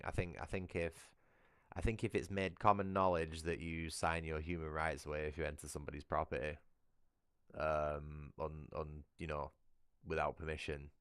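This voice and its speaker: Deep-voiced British man ranting. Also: clean tone, no room sound, clean studio sound. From United Kingdom. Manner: profane, ranting. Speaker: livestreamer. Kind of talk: casual livestream chat.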